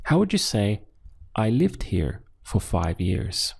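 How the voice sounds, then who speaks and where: Slow, gravelly male Spanish teacher. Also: on the low side, very animated. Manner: slow, patient, pauses for learner answers. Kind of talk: scripted language lesson.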